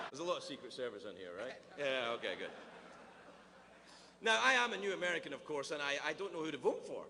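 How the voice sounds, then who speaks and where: Animated Scottish comic in a hall. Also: male voice, fairly high pitch, gravelly, slight background noise. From Scotland. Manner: animated, quick asides and mock-voiced quotes. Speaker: comedian. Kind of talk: stand-up comedy at a formal dinner. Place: large banquet hall. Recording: roomy hall with faint ambience.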